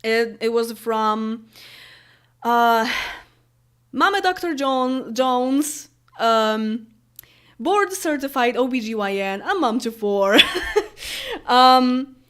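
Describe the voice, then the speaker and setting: A woman's voice: a little high, slow pace, pauses often, fairly bright tone, clear, resonant tone. A woman in her late twenties with a Polish accent, chatting casually with viewers and answering their comments, rambling with lots of fillers and easy laughs. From Poland. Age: late 20s. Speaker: YouTuber.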